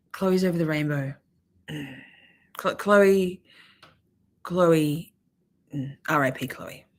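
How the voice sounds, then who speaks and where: Sarcastic, foul-mouthed woman streamer. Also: lowish voice. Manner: sarcastic, profane, chatty with live chat. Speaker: livestream commentary host. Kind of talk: casual commentary on trial clips.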